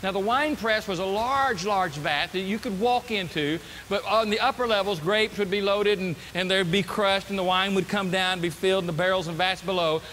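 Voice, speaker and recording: A man preaches a sermon, lively and animated, slipping into the voices of the people he quotes. His voice is high and bright and cutting. It rings out in a reverberant church hall, with faint noise behind it. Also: moderate pace, few pauses. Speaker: pastor. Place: church sanctuary.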